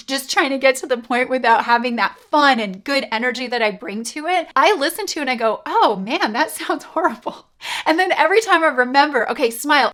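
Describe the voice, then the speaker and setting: A woman's voice: a little high, a bit bright. A middle-aged woman from Canada giving upbeat, emphatic sales coaching tips straight to camera. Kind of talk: direct-to-camera coaching talk.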